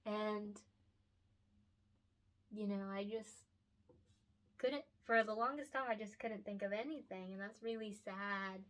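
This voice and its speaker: A woman's voice: mid-range voice, steady tone, unhurried, long pauses, fairly bright tone. A young woman who writes and illustrates picture books, talking casually and from the heart, often laughing and getting emotional. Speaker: picture book author and illustrator. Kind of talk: casual solo chat to camera.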